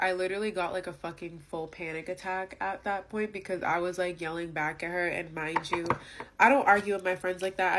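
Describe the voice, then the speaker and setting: A young woman vlogger telling an indignant storytime rant, emphatic and full of fillers. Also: on the low side.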